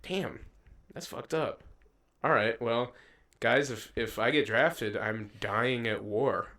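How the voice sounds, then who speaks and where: A man's voice: mid-range voice, slow. Profane rambling podcast co-host, a young man. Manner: profane, rambling, animated when quoting. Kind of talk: casual chat.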